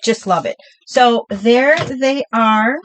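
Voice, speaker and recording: A woman's voice: fairly high pitch, slow pace, a little hiss or hum, poor audio. A middle-aged woman hosting a live crafting demo, chatty and upbeat, talking through each step while she works.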